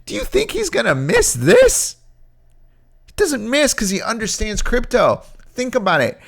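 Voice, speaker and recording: A man's voice: very high-pitched, huge pitch swings, measured pace, vocal fry. A man giving casual crypto stock commentary, brash and emphatic, often repeating phrases for emphasis. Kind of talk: casual market commentary video.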